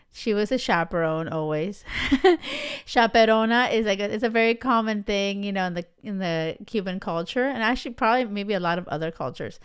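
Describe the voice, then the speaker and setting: A woman's voice: medium pitch, clear, resonant tone. A woman hosting a podcast, telling personal stories in a chatty way and checking in with listeners. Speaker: podcast host. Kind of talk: casual storytelling monologue.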